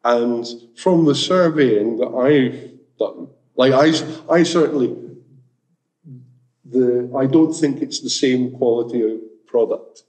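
A man's voice: medium pitch, slow, darkish tone, rough recording. A man giving an informal talk at a community education event, rambling with restarts and jokey asides.

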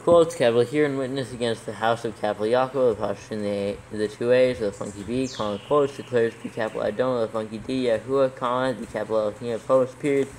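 A man reading scripture aloud for proofreading, slowly calling out each capital letter and punctuation mark. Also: mid-range voice, fairly even intonation, a little mellow, a little hiss or hum, poor audio. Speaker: proofreading reader. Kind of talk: dictating scripture text aloud.

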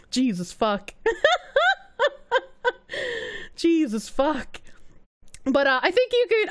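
A female streamer talks loosely with her viewers in a high voice that swoops up and down all the time. She is animated, laughs often and swears without a second thought. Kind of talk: casual livestream commentary.

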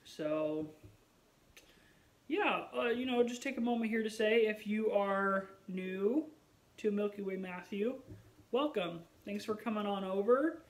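Chatty man with a high, gravelly voice. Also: a little slow, poor audio. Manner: rambling, musing aloud with fillers; wry, self-mocking humor. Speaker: vlogger. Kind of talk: casual chat to camera.

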